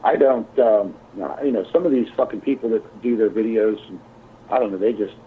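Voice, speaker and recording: A man's voice: on the low side, normal speed, a little hiss or hum. A man on a group internet call chatting bluntly, swearing constantly. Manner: blunt and heavily profane. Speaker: channel owner on a group call. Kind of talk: heated casual call chat. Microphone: computer mic on a video call. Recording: tinny internet call audio.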